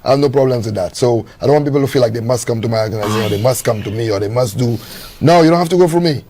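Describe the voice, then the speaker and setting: Fast-talking earnest man guest. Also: mid-range voice, dark tone, breathy edge. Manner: earnest, emphatic. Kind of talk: casual chat.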